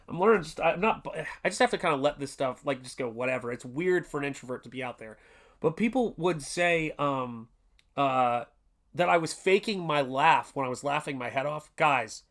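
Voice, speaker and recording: This man in his forties hosts a laid-back art livestream, and his voice sits on the high side with a slightly bright quality. He talks earnestly but rambles, restarting often and filling gaps with fillers.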